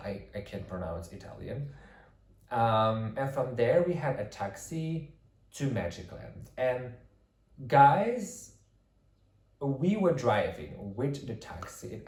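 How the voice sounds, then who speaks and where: Gushing young man in an echoey room. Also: mid-range voice. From Belgium. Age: 20s. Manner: gushing, repeats words for emphasis, drops into hushed whispers when quoting himself. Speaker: vlogger. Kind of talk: excited personal storytelling vlog.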